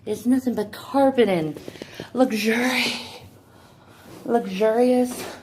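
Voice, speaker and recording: A woman's voice: on the high side, slow pace, a little mellow, a little hiss or hum. Breathless, showy woman touring her home. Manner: showy, defiant, calls viewers darling. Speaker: vlogger giving a home tour. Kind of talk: walking home-tour vlog. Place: indoor apartment, moving between rooms.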